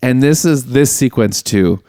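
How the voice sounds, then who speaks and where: A man's voice: medium pitch, animated, measured pace, warm tone, no room sound, studio quality. A man co-hosting a podcast, chatting casually about a film and animatedly retelling its scenes. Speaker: podcast co-host. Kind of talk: casual movie chat.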